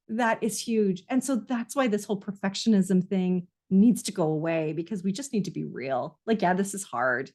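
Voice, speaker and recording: A woman's voice: mid-range voice, normal speed, hardly any pauses, darkish tone. A woman parenting coach talking straight to parents, earnest and confiding, often repeating a phrase for emphasis. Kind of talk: heartfelt solo talk to parents.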